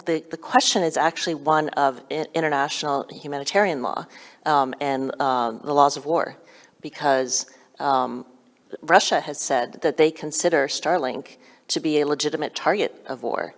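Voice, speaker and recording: Very low-voiced woman in a reverberant hall. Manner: quick, full of filler sounds. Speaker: panel speaker. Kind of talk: panel discussion.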